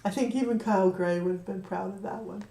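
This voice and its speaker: A woman giving a spiritual card reading, talking in an earnest, gently encouraging way. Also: medium pitch, steady tone, quick pace, noisy background. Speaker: card reader. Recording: roomy echo, voice from a distance.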